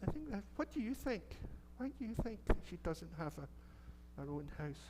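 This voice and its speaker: A middle-aged Scottish minister with a noticeably high voice. He tells a children's story in a playful, chatty way, asking the children questions. A faint hum sits behind him. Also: big pitch swings, normal speed, darkish tone. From Scotland. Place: church sanctuary.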